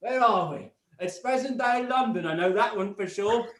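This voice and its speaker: A man's voice: high voice, normal speed, a bit bright. A man playing a boastful Christmas spirit in a roomy hall. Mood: coaxing. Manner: boastful, coaxing, calls people love. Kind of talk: drunken improv stage comedy.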